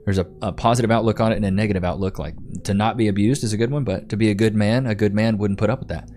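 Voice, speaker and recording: A man's voice: on the low side, fairly even intonation, very fast, darkish tone, faint music behind. A man in his thirties hosting a livestream, chatting casually with viewers and calling them bro and dude. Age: 30s. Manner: laid-back, slangy, calls viewers bro and dude. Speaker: livestream host. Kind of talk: casual livestream chat answering comments.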